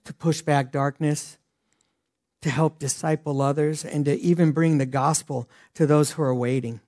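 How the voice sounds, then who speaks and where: Earnest preaching man, rising and hushing. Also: fairly high pitch, steady tone, moderate pace. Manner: earnest preaching, swings from loud emphasis to hushed. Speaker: pastor. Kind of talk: sermon.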